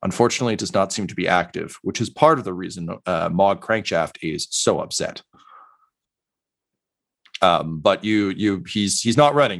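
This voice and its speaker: A man runs a tabletop game, narrating in a casual, halting way full of fillers. His voice sits a bit low. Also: animated, creaky, fairly bright tone. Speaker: game master.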